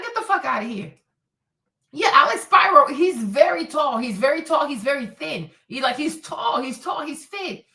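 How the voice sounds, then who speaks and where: A woman rants through casual commentary with a high, sharp voice. She is blunt and profane and acts out the people she quotes. Her voice sometimes drifts away from the microphone. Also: distant mic. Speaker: streamer and commentator.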